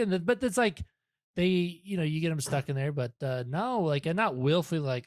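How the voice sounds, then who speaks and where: A man's voice: on the high side, lively intonation, a little fast, no echo, clean studio sound. A young man talking as a podcast guest in casual chat, rambling and self-deprecating, with many restarts.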